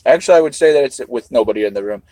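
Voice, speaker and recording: A man's voice: medium pitch, lively intonation, very fast, warm tone, no room sound, low-quality recording. A man hosting a live stream, rambling to his chat while eating, swearing casually as he goes. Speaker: livestream host.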